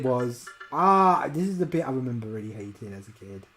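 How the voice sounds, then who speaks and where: A woman streaming a video game as a VTuber, chatting in a rambling way and breaking into sudden loud exclamations. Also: very deep voice, very animated, a little fast, faint music behind, poor audio. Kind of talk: casual live-stream chat while gaming.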